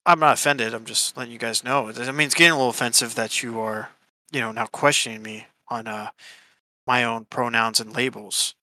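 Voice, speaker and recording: A young man with a bright, forceful voice, joking around crudely with friends on a podcast. He talks in easy, casual banter and sounds close and dry, with no room around him. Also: mid-range voice, fairly even intonation, brisk, no room sound. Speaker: podcast co-host.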